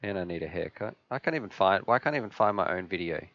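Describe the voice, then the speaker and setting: Male stream host, low-pitched, enthusiastic, casual Q&A patter, dull and dry lo-fi audio. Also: lively intonation, quick pace, a bit bright, no echo. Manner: enthusiastic, chatty, reads viewer questions aloud.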